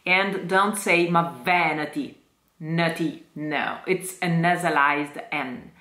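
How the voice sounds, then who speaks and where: A woman with an Italian accent teaching Italian diction to singers, modelling each word slowly and repeating it with care. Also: low voice, pushed and bright, roomy sound. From Italy. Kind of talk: slow, careful diction lesson.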